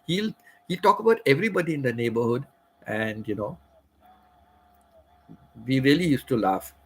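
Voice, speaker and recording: A middle-aged man tells a personal story in a loose, rambling way, repeating his phrases as he goes. His voice is husky and slightly breathy, sitting at an average pitch for a man. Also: low-quality recording. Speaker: channel host.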